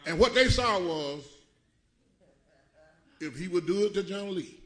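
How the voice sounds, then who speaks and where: A middle-aged man preaching a sermon, telling a comic story in a folksy, animated way with loud bursts. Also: high-pitched, unhurried, roomy sound. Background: congregation laughing.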